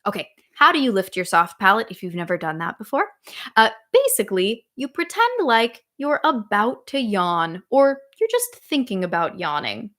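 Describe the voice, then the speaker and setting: During a live online singing lesson, the female coach uses a mid-range voice at a moderate pace. She explains in a relaxed manner, switching into sung vowels to show what she means.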